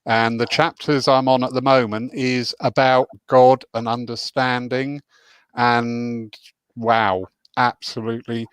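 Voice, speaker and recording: A man's voice: mid-range voice, flat delivery, slow, a bit bright, clear, resonant tone, no room sound. A man hosting a casual talk on spiritualism, speaking earnestly and emphatically, with a chatty, encouraging tone. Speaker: host.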